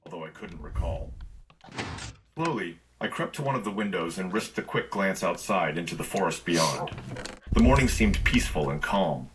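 A man reading a first-person horror story in measured, tense storytelling. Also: sits low, animated, noisy background.

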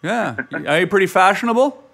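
A man's voice: high-pitched, expressive, a little fast, vocal fry, fairly bright tone. A man in his forties hosting a call-in show, chatting casually and teasing the caller. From Canada. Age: 40s. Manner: playful, teasing, goofy. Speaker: host taking calls. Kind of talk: casual call-in chat, joking.

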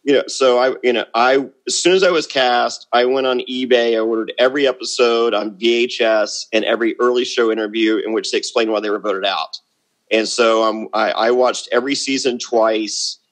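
Man, middle-aged, interview guest, brash, rambling, many restarts, medium pitch. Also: steady tone, moderate pace, fairly bright tone. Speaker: guest, former reality show contestant. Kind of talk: casual interview chat.

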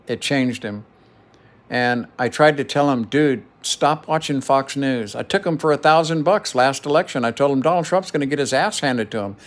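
A man's voice: medium pitch, a little fast. Profane, heated middle-aged man venting. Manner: heated, profane, repeats phrases for emphasis. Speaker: vlogger. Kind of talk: emotional personal monologue.

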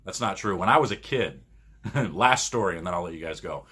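Man, co-host, casual rambling storyteller, husky voice, bright forceful tone, laughs often. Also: sits low, brisk. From Michigan, US. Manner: rambling, laughs often, animated when retelling arguments. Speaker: podcast co-host and pro bowler.

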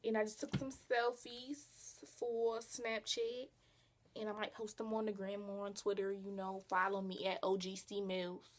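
A woman's voice: mid-range voice, fairly bright tone. A young woman chatting casually to her camera in a vlog, playful, slangy and teasing herself. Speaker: vlogger.

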